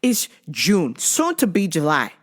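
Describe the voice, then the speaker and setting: Woman podcast host: brash, swearing storyteller with a lively voice and an unhurried delivery. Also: low voice. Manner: animated, blunt and swearing, laughing through the telling. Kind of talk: casual profane storytelling.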